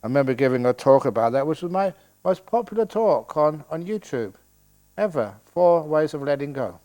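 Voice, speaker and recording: A man's voice: on the high side, lively intonation, moderate pace, mellow. An older man giving a playful dharma talk at a meditation retreat, joking and laughing as he teaches.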